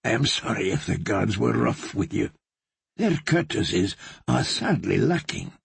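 A man voicing a gentle-sounding, quietly menacing older male torturer. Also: a little high, big pitch swings, measured pace, creaky, husky, dry recording, exaggerated voice. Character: soft-spoken, sinister older male torturer.

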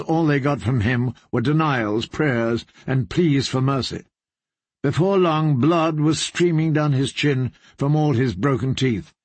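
A man narrating a dark story in a measured, grave way. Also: medium pitch, slightly rough, no room sound. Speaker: audiobook narrator. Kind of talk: scripted narration.

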